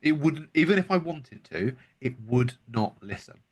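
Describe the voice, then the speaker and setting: A man's voice: fairly high pitch, animated, moderate pace, husky. Hesitant man, stumbling over words. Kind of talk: casual conversation.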